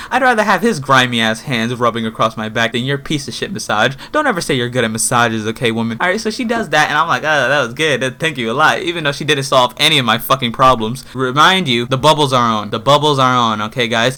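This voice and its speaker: A young man telling a story to his viewers in a vlog, profane and animated, with sudden yelled bursts. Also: medium pitch. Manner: animated, profane, yells in bursts when retelling. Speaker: vlogger.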